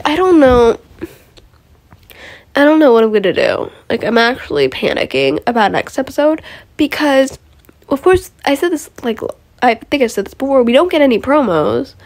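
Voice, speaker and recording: A woman's voice: fairly high pitch, very animated, moderate pace, a little mellow. Rambling young woman podcast host. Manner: rambling, emotional, lots of fillers and restarts. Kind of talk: casual solo podcast recap.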